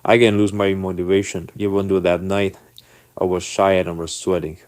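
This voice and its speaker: Deep-voiced guy telling a story to camera, english not his first language, dry close sound. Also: moderate pace, dry recording. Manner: animated, acts out the people in his story. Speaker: vlogger telling a personal story.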